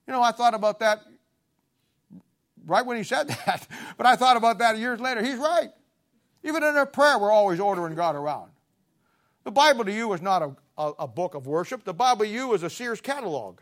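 A middle-aged male preacher delivering a blunt, confrontational sermon, swinging from loud declarations to low asides. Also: lively intonation, brisk. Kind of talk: fiery sermon.

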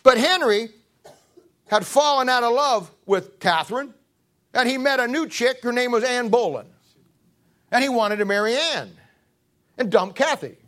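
A man's voice: extremely high pitch, a bit bright. A man preaching in a folksy, joking storytelling style, often repeating himself. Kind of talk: storytelling sermon.

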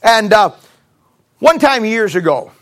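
High-voiced folksy male preacher. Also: sing-song, slow. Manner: folksy, storytelling, emphatic. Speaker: pastor. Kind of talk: sermon.

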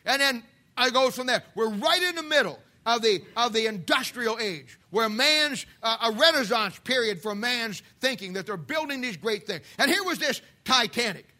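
Fiery, bright-voiced preacher man. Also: very high voice, expressive, moderate pace. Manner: fiery, swings from shouting to hushed. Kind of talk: sermon.

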